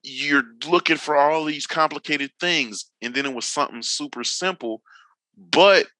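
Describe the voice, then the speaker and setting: A Northern California man in his forties, a drifting veteran appearing as a podcast guest, chats casually with loose, slangy, profane stories and acts out what people said. His voice sits on the high side, pushed and bright, at a moderate pace. The recording is dry and low quality.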